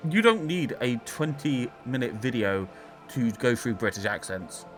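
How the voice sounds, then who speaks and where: A man's voice: mid-range voice, sing-song, measured pace, soft background music. A man casually commentating a video game playthrough, chatty and wry, reading dialogue aloud. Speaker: gaming channel host.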